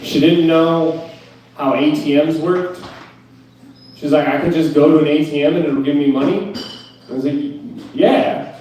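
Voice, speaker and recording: A man's voice: on the high side, steady tone, measured pace, long pauses, darkish tone, very echoey, recorded from a distance, a little hiss or hum, low-quality recording. A young man doing a stand-up set at an open mic, ranting in a profane, incredulous, self-mocking way. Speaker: stand-up comedian. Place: club stage.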